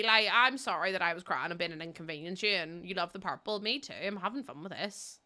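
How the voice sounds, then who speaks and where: Streaming a building game, a young woman from Northern Ireland tells funny stories in casual chat, often swearing and laughing. She talks fast with a lowish, sharp-toned voice and barely pauses.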